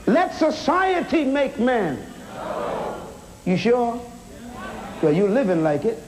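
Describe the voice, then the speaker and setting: Man preaching, slow and deliberate, emphatic, rhetorical questions, rallying the crowd, faint hum behind. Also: extremely high pitch, very animated. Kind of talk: sermon. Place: auditorium.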